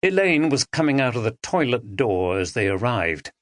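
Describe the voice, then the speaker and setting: A man narrating an audiobook thriller, expressive and dramatic, on a close studio mic. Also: medium pitch, normal speed, no echo. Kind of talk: scripted narration.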